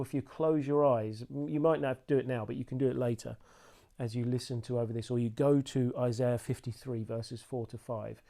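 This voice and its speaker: Man, sermon, earnest, mellow warm tone, slows for scripture. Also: mid-range voice. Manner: earnest, slows right down to read scripture aloud. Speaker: preacher.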